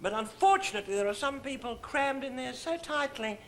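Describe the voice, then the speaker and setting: A man's voice: very high voice, animated, a little fast, fairly bright tone, a little hiss or hum, full character voice. A man playing a flamboyant, cheeky older female celebrity who teases in an arch comic manner. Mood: mocking. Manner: arch, teasing comic delivery. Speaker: comic guest.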